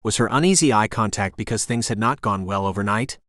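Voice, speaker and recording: Low, dry-voiced male audiobook narrator. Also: a bit bright, no echo. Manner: measured, anxious inner monologue. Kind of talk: first-person romance audiobook narration.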